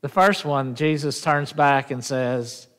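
A man serving as pastor preaches slowly in a mid-range, fairly bright voice. The recording echoes through the church sanctuary as he pulls the congregation in with questions and call-and-response.

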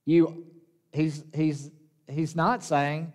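A man with a Southern US accent preaching a sermon in a folksy, conversational way, with joking asides and slow, emphatic phrases. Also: fairly high pitch, clear, resonant tone, in a large hall. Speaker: pastor.

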